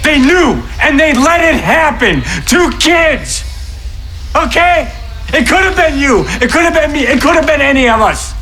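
A man's voice: very high-pitched, big pitch swings, a little slow, bright, forceful tone, exaggerated voice. An actor playing a heated male reporter, talking urgently and insistently, in a film clip. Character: heated male reporter pushing his editor.

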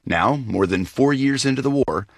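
A man's voice: mid-range voice, lively intonation, normal speed, vocal fry, no room sound. A man hosting a radio news program, introducing reports and interviewing a reporter in a studio. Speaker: news host. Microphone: studio microphone.

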